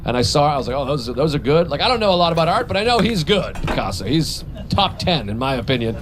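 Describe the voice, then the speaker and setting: A man performs a stand-up comedy routine in a rambling, self-mocking way, trading crude jokes for quick voiced asides. His voice sits high and swings widely in pitch as he builds each bit. A faint hiss of noise runs underneath. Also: sing-song.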